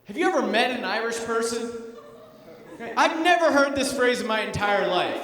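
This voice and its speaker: A man performing a stand-up comedy set on a theater stage, sarcastic and self-mocking, slipping into quick character voices. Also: very high voice, animated, a bit bright. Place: theater stage before a live audience. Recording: echoey hall recorded from far off.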